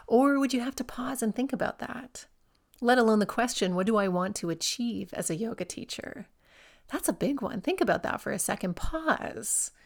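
A woman in her forties hosts a solo podcast for fellow yoga teachers. She speaks in a reflective, encouraging way and keeps turning questions back to the listener. Her voice sits at a middle pitch for a woman.

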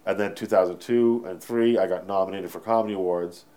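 A Canadian stand-up comedian telling a story in an interview, rambling, swearing freely and correcting himself mid-sentence. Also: male voice, low-pitched, fairly even intonation, fairly quick, warm tone.

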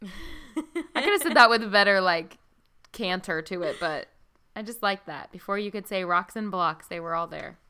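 Casual female co-host, bright and smooth, rambling and giggly. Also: medium pitch, animated, moderate pace. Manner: chatty, giggly, lots of fillers. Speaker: podcast co-host. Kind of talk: casual book discussion chat.

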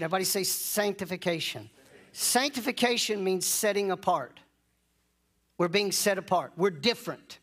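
A man preaching a sermon, leading call-and-response and drawing out key phrases slowly. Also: high voice, lively intonation, a bit bright. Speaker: pastor.

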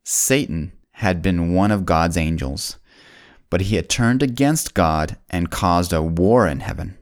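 A man narrating a Bible story for children, folksy and speaking straight to the kids, slowing down and dropping his voice on solemn points. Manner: slows down and drops low on solemn points.

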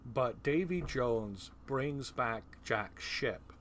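A man hosting a casual podcast talk about movies, animated and laughing, with profane asides. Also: medium pitch, extremely slow, slight background noise. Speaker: podcast host. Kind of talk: casual film discussion.

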